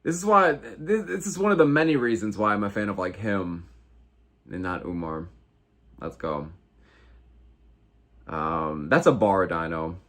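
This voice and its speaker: A man's voice: fairly low pitch, animated, unhurried, pauses often, fairly bright tone. An American man in his twenties hosting a casual livestream, reading viewer comments and reacting with slangy, heavy swearing. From United States. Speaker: livestream host.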